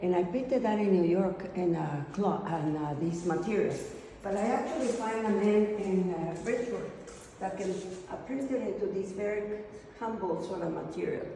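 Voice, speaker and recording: Woman, Mexican Spanish accent, gravelly and mellow, excitable studio-tour artist in an echoey room, heard from off-mic. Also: medium pitch, moderate pace, distant mic, slight background noise. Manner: excitable, rambling, switches into Spanish. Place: indoor home studio.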